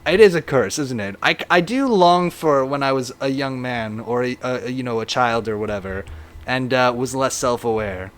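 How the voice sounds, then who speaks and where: A man streaming a game live, chatting casually and reading viewer comments aloud in an animated way. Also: medium pitch, normal speed.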